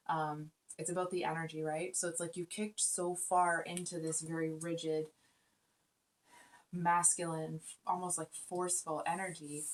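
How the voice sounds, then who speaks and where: Lady doing a tarot reading, kinda low flat voice, earnest, lots of ums and restarts. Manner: earnest, rambling, many fillers and restarts. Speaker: tarot reader. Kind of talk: casual spoken tarot reading.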